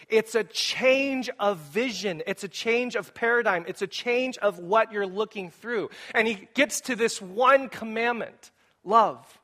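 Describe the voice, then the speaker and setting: Male pastor, higher voice, energetic sermon delivery in a church. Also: unhurried. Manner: animated, rising emphasis, asks the congregation questions. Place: church sanctuary.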